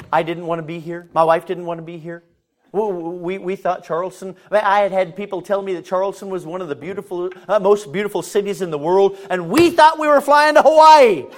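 A male pastor telling a personal story in a sermon, swinging between self-mocking humor and quiet, earnest stretches. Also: high voice, a little fast.

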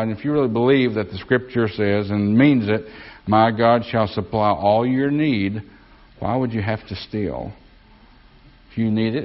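A man's voice: fairly low pitch, lo-fi sound. A man preaching a sermon as pastor, folksy, often asking the congregation for an amen. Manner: folksy, asks congregation for amens.

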